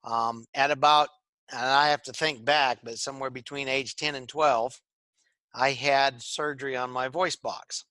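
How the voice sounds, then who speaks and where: A man from Michigan with a Northern US accent and a slightly raspy voice, co-hosting a casual chat and rambling with many fillers. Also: medium pitch, steady tone, unhurried, bright, forceful tone, no room sound. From Michigan, USA. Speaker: podcast co-host.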